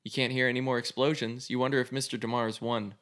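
Male host, reads an interactive story aloud casually, mid-pitched. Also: little pitch movement, quick pace, a bit bright. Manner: casual, swears freely while reading. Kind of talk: reading a choose-your-own story aloud.

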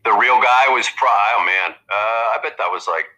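A man's voice: on the low side, pushed and bright, low-quality recording. A man who is a guest comedian, chatting casually on a podcast and rambling with lots of restarts. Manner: rambling, halting with many restarts.

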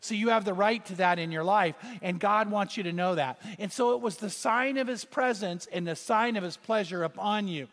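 Casting: male pastor, high voice, lively storytelling sermon, big reverberant hall. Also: normal speed, hardly any pauses. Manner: animated storytelling with rising exclamations.

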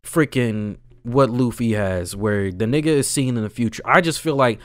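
A young man telling a story in casual chat, animated and slangy, swinging between loud and low. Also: normal speed, no echo. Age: young adult.

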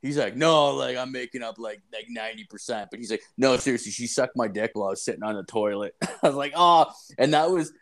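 A man's voice: medium pitch, fast, hardly any pauses, fairly bright tone. Young man, podcast co-host, rambling storyteller, lots of "like", crude casual banter. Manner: rambling storyteller, many "like"s, swears freely.

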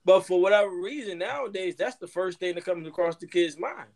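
A man's voice: high-pitched, a little fast, creaky, few pauses. A man, co-hosting a podcast and telling stories from his own upbringing in a reflective way. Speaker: podcast co-host. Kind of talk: casual podcast talk.

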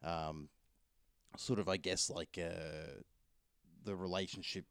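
A man's voice: sits low, fairly even intonation, takes it slowly, fairly bright tone, clean tone, dry recording, studio quality. A man chatting casually about films, rambling with lots of fillers and restarts. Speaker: film reviewer. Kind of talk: casual film review chat.

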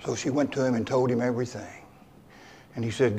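A man's voice: medium pitch, fairly even intonation, fairly quick, a little mellow, in a large hall, slight background noise. A man, a pastor preaching a folksy, conversational sermon, bantering with his congregation. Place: church.

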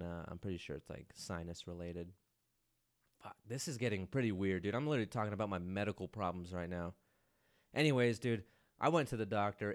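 Rambling, low-voiced man hosting a podcast. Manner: rambling and self-mocking, swears and says "dude" often. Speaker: podcast host. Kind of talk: casual solo podcast monologue.

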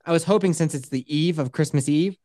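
A woman's voice: low-pitched, quick pace, warm tone, dry recording, clean studio sound. A woman co-hosting a podcast, telling a long story in a casual way, cursing freely and acting out what other people said. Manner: swears freely and acts out other people's voices. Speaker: podcast co-host.

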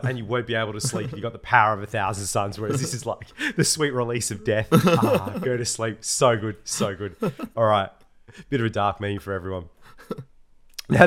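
A man's voice: mid-range voice, a bit bright. A man co-hosting a podcast, chatting casually, laughing often and full of slang. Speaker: podcast co-host. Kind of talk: casual chat.

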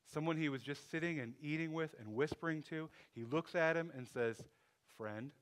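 A man's voice: on the high side, fairly quick. A man preaching a sermon in a loose, conversational way, thinking aloud with restarts and asides. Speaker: pastor.

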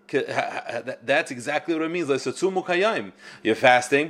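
A man teaching a Torah class on scripture. He speaks in an animated way and often repeats words while he thinks. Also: mid-range voice, measured pace, few pauses.

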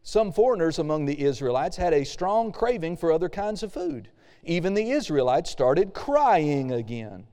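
A man's voice: fairly high pitch, very animated, normal speed, dark tone, in a large hall. A male pastor preaching a casual sermon, reading scripture aloud and acting out the quoted complaints.

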